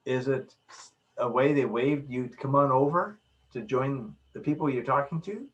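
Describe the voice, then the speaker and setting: Over a video call mic with dull audio, a man with a medium-pitched voice lectures at a moderate pace in a recorded video session. His delivery is emphatic, with repeated key phrases and small acted-out examples.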